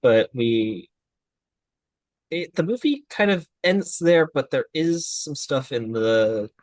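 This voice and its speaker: A man's voice: mid-range voice, very animated, takes it slowly, no echo. A man co-hosting an anime review podcast, talking casually in a thoughtful, slightly hesitant way. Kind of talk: casual chat.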